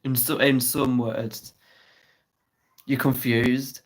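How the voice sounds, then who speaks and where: A man's voice: medium pitch, flat delivery, slow, rough recording. A man hosting a casual live stream, chatting and teasing viewers and swearing freely. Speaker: livestream host. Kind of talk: casual live chat reading comments.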